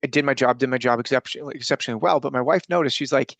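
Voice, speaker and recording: A man's voice: medium pitch, racing, gravelly, no echo. A middle-aged man telling personal stories as a podcast guest, earnest and rambling with frequent restarts. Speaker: podcast guest, coach and speaker. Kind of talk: casual interview storytelling.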